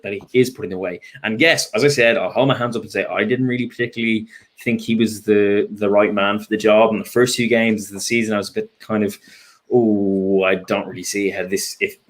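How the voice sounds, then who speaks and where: A man with an Irish accent and a slightly low voice talks through a match in relaxed, unscripted chat. He is frank and rambling, filling his pauses with ums and restarting his sentences. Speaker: fan guest. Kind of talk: casual post-match chat.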